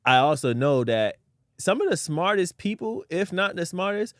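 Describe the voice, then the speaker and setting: A man's voice: high-pitched, very animated, normal speed, a bit bright, no echo, clean studio sound. A man hosting a podcast interview, affirming his guest often and reflecting at length. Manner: affirming, backchannels often with "facts" and "mm-hmm". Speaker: podcast host. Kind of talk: interview conversation.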